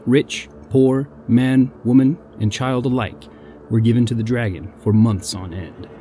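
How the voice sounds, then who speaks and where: A man narrating a legend as a podcast storyteller in an even, scripted delivery. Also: medium pitch, measured pace, slight background noise.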